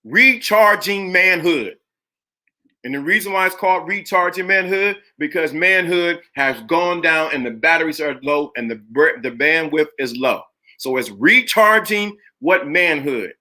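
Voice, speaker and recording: A man's voice: a little high, animated, moderate pace, bright, forceful tone. A man hosting a live-streamed talk show, speaking emphatically, greeting chat viewers by name and repeating phrases for effect. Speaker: livestream host.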